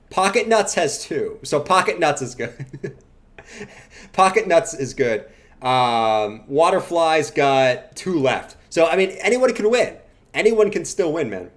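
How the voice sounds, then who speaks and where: Jokey streamer guy with a slightly higher voice, riffs with chat and walks through charts. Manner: playful, jokey banter with chat, bursts of loud chanting. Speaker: livestream host. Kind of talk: casual livestream chat and chart analysis.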